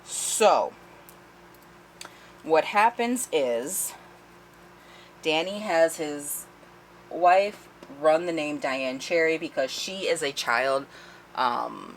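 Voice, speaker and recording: Low-voiced woman recapping a book. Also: takes it slowly, a little hiss or hum. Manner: chatty, profane, laughing as she retells. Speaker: book reviewer. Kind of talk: casual spoiler-filled book recap.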